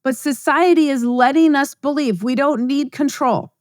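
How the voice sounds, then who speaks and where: A middle-aged woman hosts a podcast, delivering a blunt, emphatic, conversational monologue in a high voice at a moderate pace. The recording is clean studio sound with no room noise.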